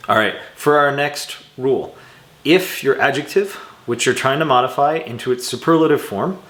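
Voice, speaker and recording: A man at middle pitch teaches English grammar in an easygoing recorded lesson, stopping for dry, self-mocking remarks as he draws. His voice carries a noticeable room echo, as if recorded in a bare room on a shotgun mic. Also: a bit bright. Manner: casual, self-mocking asides while drawing on screen. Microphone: external shotgun microphone.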